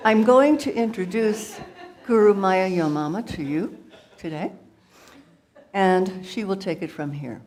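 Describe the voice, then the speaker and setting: Slow-spoken woman giving a humorous sermon. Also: medium pitch, darkish tone, slight background noise. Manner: light, self-mocking storytelling. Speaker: guest speaker at a spiritual center.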